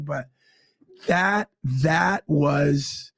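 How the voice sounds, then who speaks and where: Gravelly, animated man telling stories. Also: moderate pace, no room sound. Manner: animated, acts out quotes with big pitch jumps. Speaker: guest. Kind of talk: storytelling in a casual interview.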